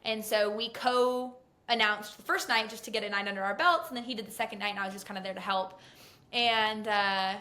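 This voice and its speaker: A young adult woman, a racing pit reporter, telling stories excitedly in a casual podcast chat. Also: medium pitch. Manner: excitable, fast-talking storyteller.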